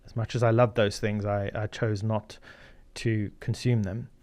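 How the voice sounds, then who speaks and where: A man's voice: lowish voice, little pitch movement, a little slow, a little mellow, dry recording. A middle-aged man from Zimbabwe, a guest in an interview who tells stories earnestly with many fillers. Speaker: guest, media founder. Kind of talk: casual interview storytelling.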